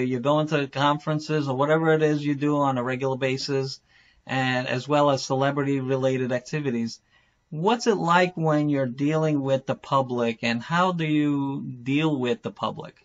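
Halting male interviewer, dull audio. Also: on the high side. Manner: halting, restarts his questions. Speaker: interviewer host. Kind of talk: interview questions. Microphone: video call.

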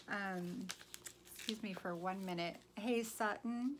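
A woman's voice: mid-range voice, takes it slowly, a little hiss or hum. A woman vlogger chatting casually to her viewers, gushing and full of "um"s. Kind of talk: casual haul chat.

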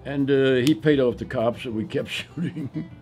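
An older actor from the South with a New York accent, telling stories from his career in a loose, rambling way with many pauses. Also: mid-range voice, darkish tone, faint music behind. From Southern US, Tennessee. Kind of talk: reminiscing interview monologue.

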